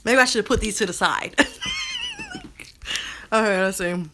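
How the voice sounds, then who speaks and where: A woman, talking to her viewers in a casual live stream, animated and drawling. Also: medium pitch, quick pace, noisy background. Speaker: co-host of a live video chat. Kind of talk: casual live-stream chat reading comments.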